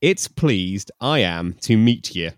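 A man's voice: lowish voice, big pitch swings, slow pace, no room sound. A man voicing a middle-aged male police chief, formal and gallant, in a put-on brogue, his voice raised.

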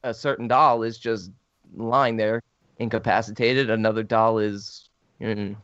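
A man's voice: fairly low pitch, little pitch movement, measured pace, fairly bright tone, clear, resonant tone. Man eagerly breaking down a film plot. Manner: eager, explains plot at length. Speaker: podcast co-host. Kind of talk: casual film discussion. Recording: dry, slightly dull sound.

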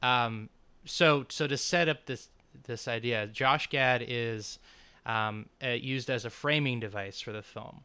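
Bright, clear-voiced man reviewing movies. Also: medium pitch, a little slow. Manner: wry, laughs often, brief impressions. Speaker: podcast co-host. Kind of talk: casual movie review chat.

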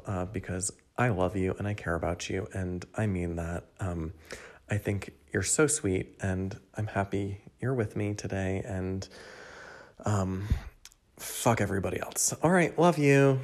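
A man's voice: lowish voice, darkish tone. A man hosting a solo podcast, talking in a casual, rambling and candid way, stumbling and restarting often. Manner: rambling, candid, self-deprecating, with restarts and stutters. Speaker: podcast host.

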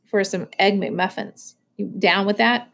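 A woman's voice: medium pitch, fairly even intonation, measured pace, vocal fry, a bit bright. A woman doing a friendly easygoing teen boy. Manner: friendly, casual.

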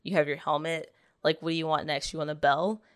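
A woman's voice: sits low, flat delivery, fairly quick, clear, resonant tone, lightly acted. Woman doing a laid-back genie. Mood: easygoing. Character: casual, easygoing male genie.

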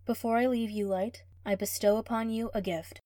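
A woman's voice: on the high side, fairly even intonation, normal speed, warm tone, dry recording, studio quality, natural voice. A woman reading a story aloud, voicing an ancient rainbow phoenix god who speaks in a solemn, grand and cryptic way.

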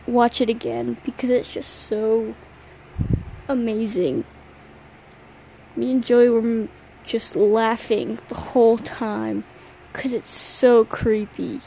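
Young woman, podcast host, sleepy, rambling slangy chat, slow-paced, mellow tone, faint background noise. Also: fairly high pitch, vocal fry, slightly rough, low-quality recording. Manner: rambling, slangy and self-mocking, yawning between thoughts. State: tired late at night. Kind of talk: casual solo chat.

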